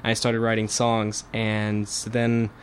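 A man's voice: fairly low pitch, completely flat delivery, unhurried, a little hiss or hum. A young man, a band's guitarist and songwriter, chatting casually in a radio studio, rambling with lots of fillers and restarts. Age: young adult. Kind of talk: casual interview chat.

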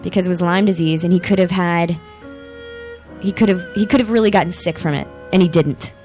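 A woman in her thirties hosting a casual chat show, rambling and excitable with lots of fillers. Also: fairly low pitch, brisk, faint music behind. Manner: excitable, animated outbursts. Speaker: podcast host.

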